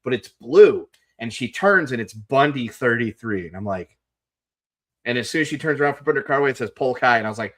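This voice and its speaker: A man co-hosting a podcast, telling stories in a lively way and acting out what people said. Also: mid-range voice, brisk. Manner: animated storyteller, acts out quotes. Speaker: podcast co-host. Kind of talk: casual storytelling chat.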